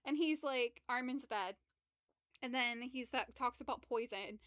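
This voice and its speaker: A woman co-hosts a podcast, casually recapping a book's plot while rambling, swearing freely and acting out the characters' lines. Her voice is a little high and somewhat bright at normal speed, recorded in studio quality with no echo.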